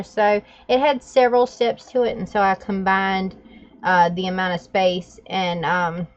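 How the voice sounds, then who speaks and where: A woman vlogging, telling a story with laughs and then walking through a drawing tutorial in casual chat. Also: lowish voice. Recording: dull lo-fi sound.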